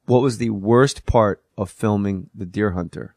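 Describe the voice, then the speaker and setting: A man chatting on a podcast, telling animated stories and dropping his voice as he recalls anecdotes. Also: a little slow, dry recording, studio quality. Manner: animated storyteller with sudden pitch drops. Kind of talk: casual podcast chat, storytelling.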